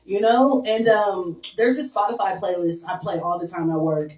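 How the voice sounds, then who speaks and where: A young woman doing a stand-up set, crude and deadpan, with lots of "um" and "like". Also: fairly low pitch, moderate pace, few pauses. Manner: crude, deadpan, filler-heavy. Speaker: stand-up comedian. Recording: echoey room from far off.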